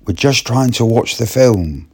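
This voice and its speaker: A man voicing an angry young woman who is scolding someone to be quiet during a film. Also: medium pitch, lively intonation, measured pace, husky, voice pushed up. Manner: sharp, scolding. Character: cross young woman trying to watch a film.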